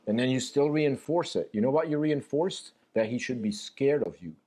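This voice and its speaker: A man's voice: medium pitch, moderate pace. A man giving a lecture on dog training. He speaks bluntly, swears freely, and jokes animatedly. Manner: blunt, profane, animated and joking.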